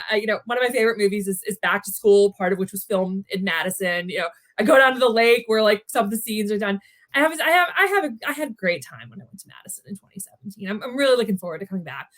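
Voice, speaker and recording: A woman's voice: medium pitch, expressive, fast talker, a bit bright. Chatty woman from Maryland. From Maryland, United States. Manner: chatty, enthusiastic, frequent restarts and "you know". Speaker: sportswriter guest. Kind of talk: casual podcast interview.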